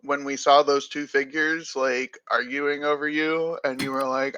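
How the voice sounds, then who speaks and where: A man's voice: medium pitch, little pitch movement, measured pace, sharp tone, smooth, lo-fi sound. Chatty man at a game table. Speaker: player. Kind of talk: casual tabletop game chat.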